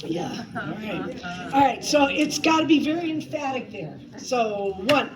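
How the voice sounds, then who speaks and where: A woman's voice: high voice, lively intonation, measured pace, crowd noise, low-quality recording. A woman directing a community choir rehearsal in a chatty way, counting beats and singing phrases to show them. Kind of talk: rehearsal instruction. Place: rehearsal hall with choir present.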